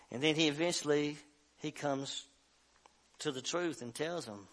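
A man preaching a sermon as pastor of a church, acting out the voices of the story and rising at times to shouts. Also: mid-range voice, slow, pauses often. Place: church sanctuary.

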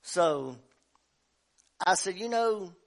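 A man's voice: sits high, expressive, drawn-out words, creaky. Preacher man, folksy and fervent. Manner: folksy storytelling preacher, building to loud shouts. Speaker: pastor. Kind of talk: sermon. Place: church sanctuary.

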